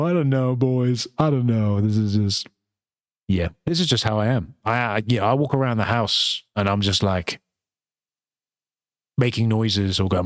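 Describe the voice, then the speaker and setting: A man's voice: on the low side, normal speed, no echo, clean studio sound. A man, hosting his new channel in rambling, sweary casual chat from home.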